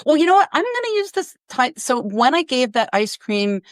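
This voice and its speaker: A middle-aged woman tells stories in a lively, chatty way, laughing and acting out quotes in a higher voice. The recording is dry and close, with no room sound. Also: moderate pace, no room sound. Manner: animated, laughing, acts out quotes in a high voice. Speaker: photographer guest. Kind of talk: casual storytelling interview. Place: her home.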